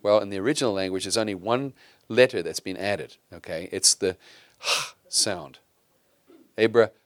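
A middle-aged man preaching from the pulpit in a relaxed, conversational manner, often turning to the congregation with questions. His voice sits low, and it is recorded close and dry with little room sound. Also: normal speed, no room sound. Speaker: pastor. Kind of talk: sermon.

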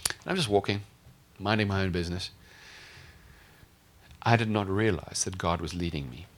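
Male preacher, storytelling sermon, lowish voice, animated, acts out dialogue. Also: normal speed.

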